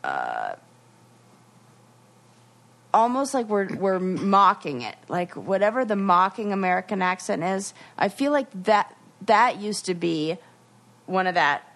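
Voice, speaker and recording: A woman co-hosting a podcast, retelling what she watched in a lively, chatty way with restarts and playful asides. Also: mid-range voice, unhurried. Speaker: podcast co-host. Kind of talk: casual chat.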